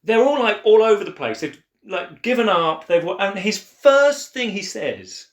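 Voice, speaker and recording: Man, higher voice, lively swings, talking Bible in an echoey room; animated, acts out quotes. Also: measured pace. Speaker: co-host of a church Bible podcast. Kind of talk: casual Bible discussion.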